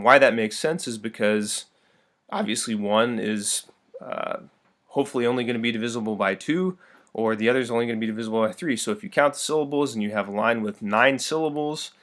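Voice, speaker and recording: A man teaching a recorded video lesson in a friendly, upbeat way, reading verse slowly with heavy stress. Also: medium pitch, a bit bright.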